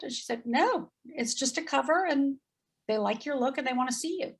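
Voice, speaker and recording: A woman in her fifties telling a story in casual chat, animated and acting out voices as she goes. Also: high-pitched, fast talker, gravelly, slightly rough. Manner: animated, acts out voices in quotes, laughs often. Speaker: guest.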